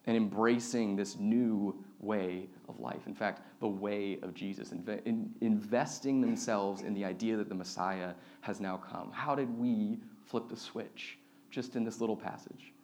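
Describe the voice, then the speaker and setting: A man's voice: on the low side, measured pace, darkish tone. A young man giving a sermon as a pastor, talking casually and conversationally with fillers.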